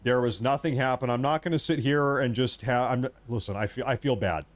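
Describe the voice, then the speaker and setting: A man's voice: mid-range voice, a little fast. A man hosting a live stream, talking casually and rambling, often restarting and muttering asides to himself.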